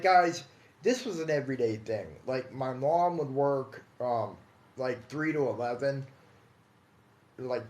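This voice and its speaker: A man casually telling his own paranormal experiences on a livestream, calling his listeners guys and dude, hushed in some stretches and emphatic in others. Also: mid-range voice. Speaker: paranormal storyteller. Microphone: phone or computer mic on a livestream. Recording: echoey room.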